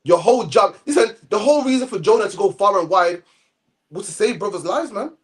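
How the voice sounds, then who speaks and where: A man giving animated, slangy Bible study commentary, tagging "man" onto nearly every phrase. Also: high voice, fairly quick. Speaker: Bible teacher.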